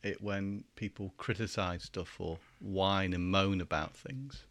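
A man's voice: low-pitched, steady tone, measured pace, a bit bright, dry recording. A man co-hosting a podcast, chatting casually with dry, teasing remarks. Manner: dry, teasing, short interjections. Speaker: podcast co-host. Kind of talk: casual chat.

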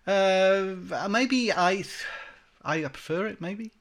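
A man's voice: high voice, slow, a bit bright. A man, co-hosting a casual chat about video games, talking in a rambling, hesitant way with many fillers. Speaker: podcast co-host.

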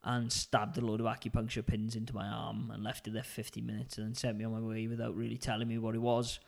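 A man's voice: lowish voice, monotone, fast, creaky. A man co-hosting a podcast, telling a long story in a chatty, self-mocking way. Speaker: podcast co-host. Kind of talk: casual chat.

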